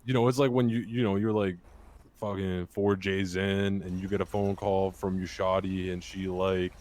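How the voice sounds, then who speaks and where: A man's voice: low voice, little pitch movement, moderate pace, darkish tone. A man talking in a drawling, slangy street manner in casual chat.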